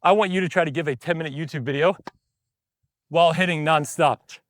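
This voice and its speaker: A man's voice: a little high, brisk, dry recording. A man teaching tennis while he rallies on a court, a bit out of breath, explaining in short bursts between shots. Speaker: tennis coach.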